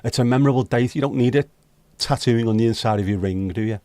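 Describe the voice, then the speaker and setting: A man hosting a virtual pub stream reads his viewers' comments, chatty and joking as he banters with chat. His voice is mid-range and mellow, and he talks fast. There's no echo.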